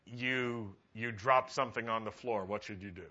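A man's voice: on the low side, steady tone, moderate pace, bright, forceful tone, dull audio. A man preaching a humorous sermon as a rabbi, chatty and often laughing at his own jokes.

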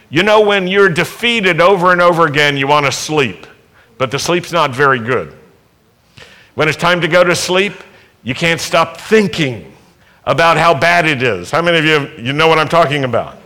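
Male preacher, slightly high and forceful voice, unhurried sermon delivery, emphatic calls to the congregation. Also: animated. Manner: emphatic, building to loud exhortations; asks the congregation rhetorical questions. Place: worship service.

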